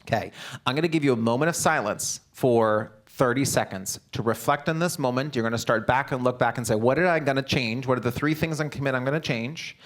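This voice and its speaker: Man, seminar presenter, mid-pitched voice, coaching tone, frequent check-in questions to the crowd. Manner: peppers talk with quick check-in questions to the audience; direct, coaching, upbeat delivery. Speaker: real estate seminar presenter. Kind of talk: live business seminar lecture.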